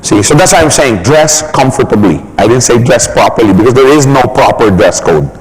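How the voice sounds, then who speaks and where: Animated man giving a business talk. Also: medium pitch, a little fast, a little hiss or hum, rough recording. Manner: animated, laughing, acts out examples in funny voices. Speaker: business trainer. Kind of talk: motivational talk.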